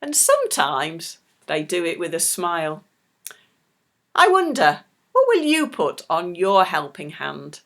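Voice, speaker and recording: A middle-aged woman leading a children's church talk, speaking slowly and gently to small children. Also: fairly low pitch. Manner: slow, animated, talks warmly to small children.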